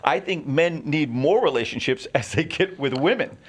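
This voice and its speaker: Man, about sixty, slightly higher pitch, rambling podcast guest who repeats himself. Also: lively intonation, moderate pace, slightly rough. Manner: talkative, repeats words, digresses. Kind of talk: casual conversational interview.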